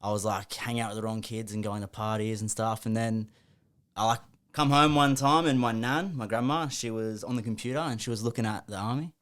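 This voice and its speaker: A man's voice: lowish voice, fairly quick. Aussie guy late 20s, chatty and sweary, podcast guest spinning stories. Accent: Australian. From Australia. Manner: swearing, animated storytelling. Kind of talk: casual podcast interview.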